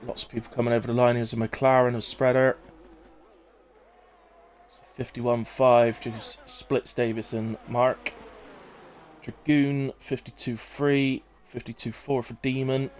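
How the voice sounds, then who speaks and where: A young man with a West Country English accent, commentating a sim race on a live stream and chatting with viewers, in a relaxed way full of fillers and self-corrections. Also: medium pitch, a little slow, long pauses, slight background noise. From England.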